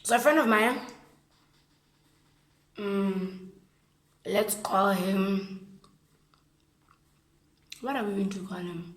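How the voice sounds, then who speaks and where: A woman with a Botswana accent, telling a story in a lively, slangy, casual way while eating on camera. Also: medium pitch, extremely slow, pauses often, roomy sound. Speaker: vlogger.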